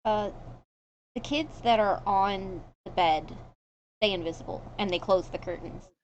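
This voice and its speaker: A woman's voice: medium pitch, measured pace, a little mellow, highs cut off, slight background noise. A woman running a tabletop game as game master, describing scenes plainly.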